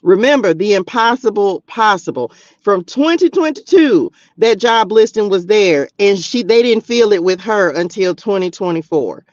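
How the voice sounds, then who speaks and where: High-voiced man preaching on a livestream. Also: moderate pace, no echo, lo-fi sound. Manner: animated, slangy, talks straight to viewers. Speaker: spiritual livestream host reading tarot. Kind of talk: casual preaching to a live chat. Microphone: streaming mic.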